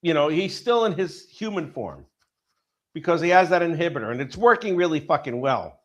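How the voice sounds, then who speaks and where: A man with a fairly high voice chatting casually on a podcast. He rambles, swears freely and jumps into acted-out quotes as he tells a story. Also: expressive, brisk. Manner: profane, rambling storyteller who acts out quotes. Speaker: podcast co-host. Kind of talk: casual chat.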